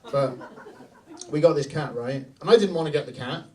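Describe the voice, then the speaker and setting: A man's voice: a little high, moderate pace. A middle-aged man doing a brash, profane stand-up set, telling stories on a comedy club stage, heard from a distance. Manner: brash, profane, animated storytelling.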